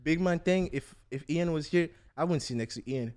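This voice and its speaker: A man hosting a casual football podcast chat, playful and quick to laugh. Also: on the high side, a little mellow. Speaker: podcast host.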